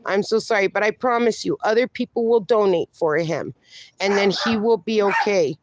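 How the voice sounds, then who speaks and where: A woman's voice: mid-range voice, a little hiss or hum. A middle-aged woman hosting a casual livestream outdoors in her backyard, talking affectionately and reading viewers' comments aloud on a phone. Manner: slow, affectionate, reads chat comments aloud. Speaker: livestream host.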